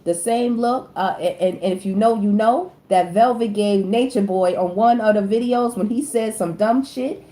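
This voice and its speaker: Woman doing a celeb tarot read, mellow voice, keeps asking "you hear me", roomy echo. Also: mid-range voice, normal speed, few pauses. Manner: emphatic, repeatedly checks in with viewers. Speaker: tarot reader. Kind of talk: casual celebrity commentary. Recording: echoey room, faint background noise.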